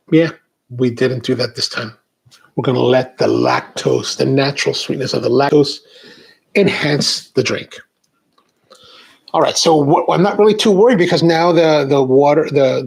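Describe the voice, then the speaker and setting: A middle-aged American man hosting a coffee video, chatting casually with rambling, animated asides. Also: medium pitch, creaky, husky, low-quality recording. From United States. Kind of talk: casual chat to camera.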